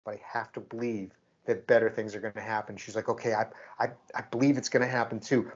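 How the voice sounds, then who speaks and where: Animated man telling a story, lo-fi. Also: fairly low pitch, fast talker, few pauses, husky. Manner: animated, acts out quoted exchanges. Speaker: podcast co-host. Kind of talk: casual storytelling chat.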